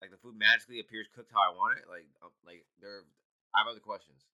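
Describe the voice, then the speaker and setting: Young guy rambling fast on a podcast, cussing a lot, super bright voice. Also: on the low side. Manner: animated, swearing, rambling with many fillers. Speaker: podcast co-host. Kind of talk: casual banter.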